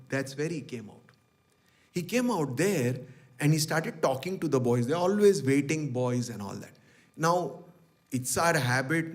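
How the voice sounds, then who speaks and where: A middle-aged man, telling personal memories to a devotional gathering and acting out the dialogue he quotes. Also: fairly high pitch. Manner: animated storyteller, acts out quoted dialogue. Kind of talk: storytelling talk.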